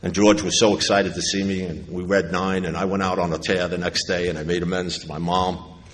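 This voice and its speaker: A middle-aged man with a lowish voice tells his recovery story to a convention crowd, slipping into the voices of the people in it. His talk rings through a big echoing hall with faint room noise behind it. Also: level tone, a little fast. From New York. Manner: storytelling, acting out others' lines, wry humor. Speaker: AA convention speaker. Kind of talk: personal recovery talk to an audience. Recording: echoey hall with faint ambience.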